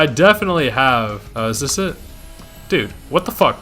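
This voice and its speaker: A man's voice: mid-range voice, expressive, measured pace, bright, forceful tone, soft background music. A man rambling casually as a gaming video creator, swearing when frustrated.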